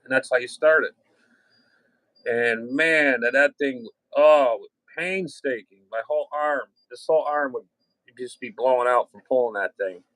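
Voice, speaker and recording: A middle-aged man talks loosely on a ham radio chat, wandering from one story to the next with false starts and the odd curse. His voice sits at an ordinary pitch and is recorded dry, with no room sound around it. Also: measured pace, a bit bright, no room sound, poor audio. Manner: rambling, chatty, with restarts and mild cursing.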